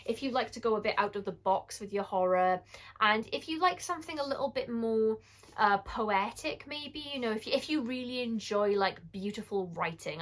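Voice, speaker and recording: A British woman in her forties, host of a casual horror book-review vlog, chatty and candid, rambling with quick self-corrections and asides. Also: a little high, a bit bright. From United Kingdom.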